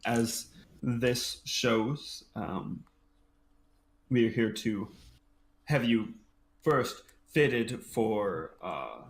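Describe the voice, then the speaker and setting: A man runs a tabletop game online, talking in a fairly low voice and stopping often on ums and uhs. His voice carries a roomy echo with faint noise behind it. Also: gravelly. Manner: hesitant, many ums and uhs. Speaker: game master. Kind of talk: narrating a tabletop game and voicing characters. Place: home room, online game.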